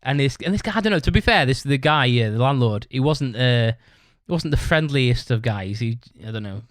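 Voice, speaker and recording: On his own podcast, a young man with a British accent spins a loose, profane story, laughing as he talks. His voice sits at medium pitch with lively intonation and a brisk pace. Studio quality, dry recording.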